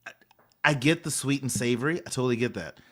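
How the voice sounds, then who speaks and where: A man's voice: mid-range voice, fast talker. A man co-hosting a casual podcast, voicing firm opinions and acting out quoted people with laughter. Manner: emphatic, opinionated, acts out quoted voices with laughter. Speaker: podcast co-host.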